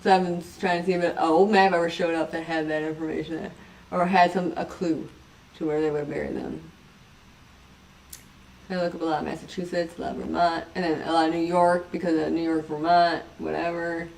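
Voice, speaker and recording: A woman's voice: low voice, flat delivery, fairly quick, vocal fry, a little mellow, recorded from a distance, slight background noise. A woman hosting a casual livestream chat, rambling from topic to topic, giggling often and poking fun at herself. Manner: giggly, rambling, self-mocking. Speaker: livestream host.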